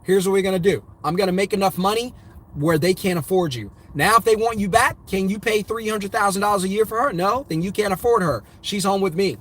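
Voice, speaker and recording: A man's voice: high-pitched, a little fast, a bit bright. A middle-aged man giving an emphatic, repetitive motivational talk about money to his viewers. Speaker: host.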